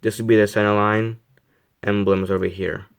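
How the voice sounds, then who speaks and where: A man's voice: fairly low pitch, little pitch movement, fairly quick, gravelly. A teenage boy casually reviewing a model car, rambling and self-deprecating, with many fillers and restarts. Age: teens.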